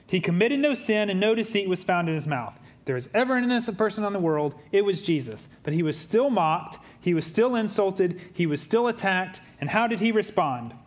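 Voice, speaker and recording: A man with a fairly high voice preaches a sermon as a pastor. He drops into quiet, low tones for weight, then lifts into lively, joking asides. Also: a little fast, hardly any pauses. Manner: humorous asides in a conversational tone.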